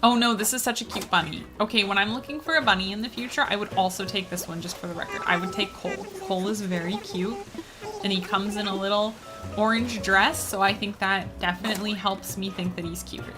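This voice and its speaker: A woman's voice: medium pitch, steady tone, fairly quick, over music. A Canadian woman streaming a game, chatting casually in a rambling way with lots of fillers and easy laughs. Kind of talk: casual gaming stream chat.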